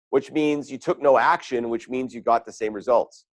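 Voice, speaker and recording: A man's voice: mid-range voice, expressive, moderate pace, few pauses, no room sound. A man giving a motivational talk on goal setting as a sales coach, conversational and full of personal stories. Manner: conversational, storytelling with quoted asides.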